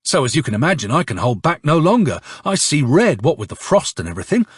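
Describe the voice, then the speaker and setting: A man reading an audiobook, playing a hoarse, bitter young officer who tells his story with curses and sarcasm. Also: a little high, big pitch swings, quick pace, dry recording, studio quality, exaggerated voice. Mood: angry storytelling. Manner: angry, sardonic storytelling with curses. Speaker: audiobook narrator.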